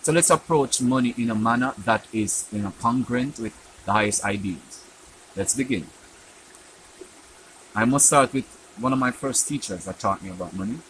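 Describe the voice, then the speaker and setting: A man from Jamaica, host of a spiritual teaching program, telling stories and acting out dialogue with sharp jumps in his pitch. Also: normal speed, long pauses, noisy background.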